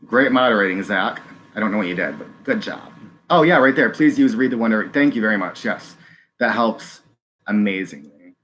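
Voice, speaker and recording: A man hosting a live stream, reading chat and speaking earnestly, halting with many ums and restarts, close to tears. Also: lowish voice, lively intonation, a bit bright, slight background noise.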